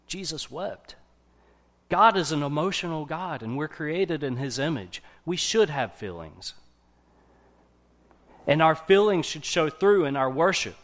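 A man giving a casual, conversational sermon to a congregation, often pausing to check in with his listeners. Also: on the high side, animated, a bit bright. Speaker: preacher.

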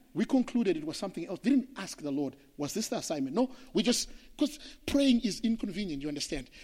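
A man from Zimbabwe, preaching a sermon as pastor, telling stories emphatically and swinging from hushed to loud. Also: fairly high pitch, breathy edge. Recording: long hall reverb.

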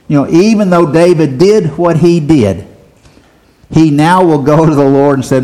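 A man's voice: fairly high pitch, unhurried, warm tone. A man preaching a sermon, asking the congregation rhetorical questions and repeating phrases for emphasis.

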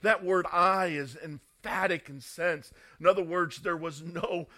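Male preacher, sermon, fairly high voice, emphatic, dramatic loud and soft swings. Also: fairly even intonation. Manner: stressing single words slowly.

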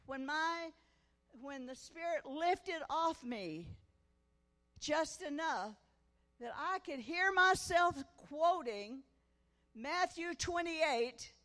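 A woman's voice: high voice, lively intonation, takes it slowly, a bit bright. Older woman preaching fervently. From Missouri. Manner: folksy storytelling that swells into fervent preaching. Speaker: guest preacher. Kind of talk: testimony sermon at a women's conference. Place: church conference hall. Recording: echoey church hall.

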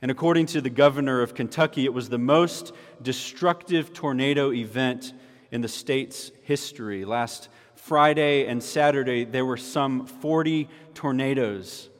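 A man preaching a sermon with emphatic repetition of key lines. His voice sits at a middle pitch and rings out with a long hall reverb, as in a church sanctuary. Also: unhurried. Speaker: pastor.

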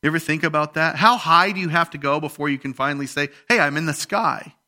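Bright-voiced preaching man. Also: on the high side, fast. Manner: preaches with rising emphasis on scripture, softening to quiet storytelling. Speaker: pastor. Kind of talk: sermon.

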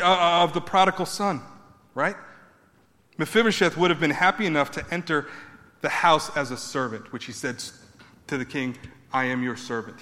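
A man preaching a sermon, building emphatic repeated points and then dropping his voice low. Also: bright, forceful tone, in a large hall. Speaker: pastor.

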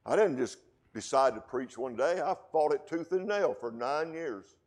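Preaching with animation, a West Texas pastor moves between quiet, low passages and loud, deliberately slowed moments of emphasis in his sermon.

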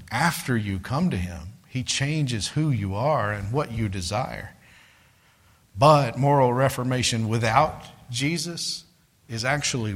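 A man preaching a sermon in a conversational way, talking to listeners as "guys" and telling stories from his street witnessing. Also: medium pitch. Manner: tells street witnessing stories, voices others in quotes.

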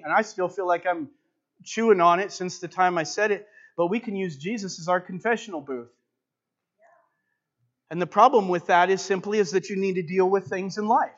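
A man with a fairly high voice preaches a sermon, emphatic and swinging between loud pleading and soft, quiet lines. The recording is somewhat dull and lo-fi. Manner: emphatic, swells loud then drops soft.

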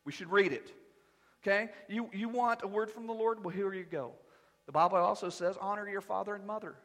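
A man preaching a sermon as pastor, animated and conversational with touches of humor. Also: sits high, a little fast, in a large hall. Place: church sanctuary.

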